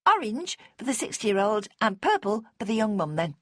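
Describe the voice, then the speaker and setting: A woman voicing an earnest young female shop assistant who speaks high and eager and leaps to defend others. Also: big pitch swings, fast talker, breathy edge, no echo, studio quality. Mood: decisive.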